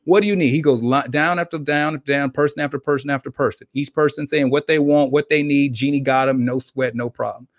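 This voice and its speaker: A man in casual podcast chat, spinning a long joke and slipping into voices for each character. His voice sits at an ordinary pitch. The sound is dry and close. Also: fairly quick, hardly any pauses, no room sound. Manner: animated storyteller acting out characters. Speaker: podcast co-host.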